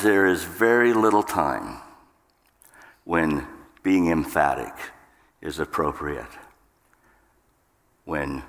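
A man with a very low voice preaches slowly and emphatically from a church pulpit, shooting up in pitch when he acts out his own outbursts. A long reverb trails behind his words. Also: a bit bright. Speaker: pastor. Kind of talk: sermon. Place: church sanctuary.

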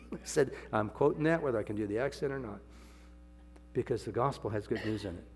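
Older man, sermon, gravelly voice, jokey asides, sudden loud peaks, hall echo. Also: normal speed. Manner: folksy, joking, swings from low asides to loud high exclamations. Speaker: preacher. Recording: long hall reverb, faint hum.

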